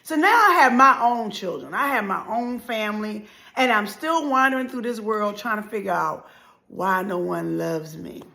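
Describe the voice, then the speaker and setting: A woman giving an emotional motivational talk, telling a dramatic life story that swings from loud, emphatic lines to hushed ones. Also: medium pitch, animated, moderate pace, gravelly. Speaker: motivational speaker.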